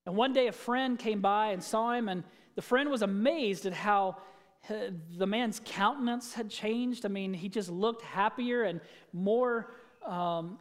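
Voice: mid-range voice, in a large hall. A pastor preaching a sermon in a conversational way, asking the congregation questions and telling stories.

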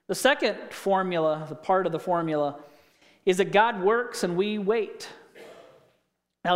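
A male pastor with a high voice delivers a sermon in a relaxed, conversational manner, mixing scripture readings with folksy anecdotes. His words ring out in a church sanctuary with a long, trailing reverb.

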